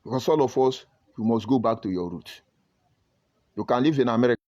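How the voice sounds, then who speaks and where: A man's voice: mid-range voice, brisk, a little mellow. Emphatic Nigerian man, lo-fi stream. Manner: emphatic, preachy, reads viewer comments aloud. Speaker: online broadcaster. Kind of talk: live-stream commentary.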